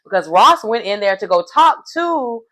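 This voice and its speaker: Animated woman recapping a show. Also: mid-range voice, normal speed, poor audio. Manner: animated storyteller acting out quotes. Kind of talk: casual episode recap.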